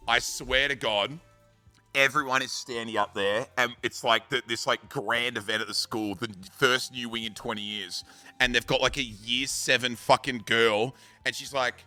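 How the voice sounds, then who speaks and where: A man's voice: mid-range voice, steady tone, normal speed, pushed and bright, soft background music. A young Australian man casually telling a rambling, sweary school story, full of bro and dude. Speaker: streamer.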